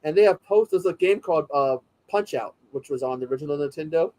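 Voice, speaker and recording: A man hosts a casual chat and rambles with enthusiasm, often restarting mid-sentence. His voice sits fairly high for a man. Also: expressive, fast talker, dark tone, low-quality recording.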